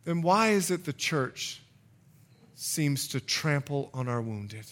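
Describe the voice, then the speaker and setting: A middle-aged man, a pastor, preaching a sermon in an animated way, now and then acting out short exchanges in a low growl. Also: slow pace. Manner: animated, acts out dialogue with sudden drops to a low growl.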